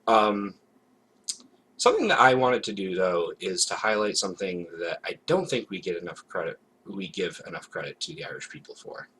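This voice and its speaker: A man's voice: low-pitched, fairly bright tone, a little hiss or hum. A man co-hosting a casual podcast, talking in a playful, hesitant way with many fillers. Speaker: podcast co-host. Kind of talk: casual chat. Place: home, recorded live.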